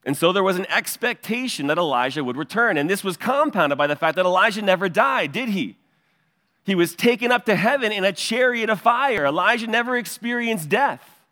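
A man's voice: high voice, expressive, fairly quick, bright, forceful tone, big-room sound. A male pastor preaching an expository sermon in an earnest teaching cadence, pointing listeners to verses.

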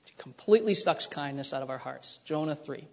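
A man preaching a sermon, animated and dramatic, acting out the lines he reads. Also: on the high side, fairly quick, vocal fry, slight background noise. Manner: animated, acts out scripture voices, many restarts. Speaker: pastor. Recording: long hall reverb.

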